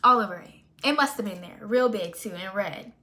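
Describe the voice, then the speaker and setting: A young woman telling a storytime in a casual, animated and sassy way, with exaggerated retellings. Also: medium pitch, fairly quick. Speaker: storytime vlogger.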